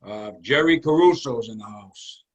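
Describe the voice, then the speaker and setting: A man's voice: medium pitch, expressive, normal speed, slightly rough, dull audio. A man hosting a casual comedy chat over a video call, teasing his guests and laughing often. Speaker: host.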